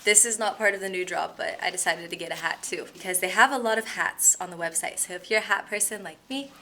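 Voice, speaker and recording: A young woman hosting a casual clothing haul vlog, gushing and excitable, full of slang and calling viewers "bro". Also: on the low side, fast, slight background noise. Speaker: fitness YouTuber.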